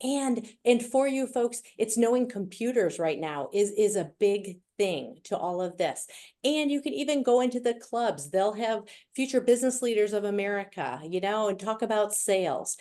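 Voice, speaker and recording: A woman's voice: medium pitch, expressive, normal speed, dark tone. A middle-aged woman with a Wisconsin accent giving a chatty, playful presentation over a video call. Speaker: guest speaker. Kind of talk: virtual presentation.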